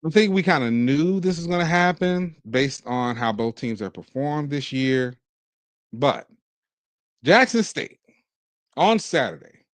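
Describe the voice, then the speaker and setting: Animated man from Mississippi, dry close sound. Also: fairly high pitch, no echo. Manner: animated, talks in bursts with restarts. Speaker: podcast host. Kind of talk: casual commentary.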